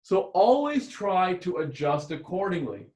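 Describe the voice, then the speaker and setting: A public speaking instructor with a voice that sits high lectures at a measured pace, constantly varying his volume and tone to stay expressive. The recorded lecture takes place in a rented room used as a classroom, and the space sounds echoey.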